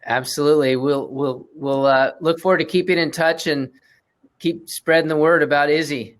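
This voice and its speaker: A man's voice: a little high, steady tone, normal speed. A man hosting a film festival Q&A, giving upbeat, gracious thanks on a video call. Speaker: festival host. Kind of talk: closing remarks on a video call.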